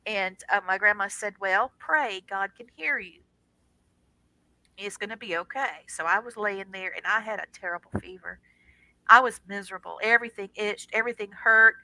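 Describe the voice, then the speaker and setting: A middle-aged woman, a guest on a radio show, telling a personal story in a casual, animated way and acting out the voices in it. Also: mid-range voice, moderate pace, no echo, rough recording.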